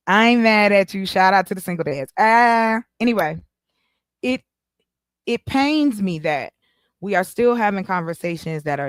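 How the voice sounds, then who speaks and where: Woman, stream host, casual chat, animated, joking, swears freely, dry close mic. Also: fairly high pitch, no room sound.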